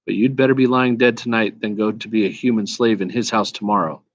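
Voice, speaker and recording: A man voicing a proud male talking war horse who lectures in a brisk, faintly scornful way, in a storybook read-aloud. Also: lowish voice, steady tone, dry recording, lo-fi sound. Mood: earnest.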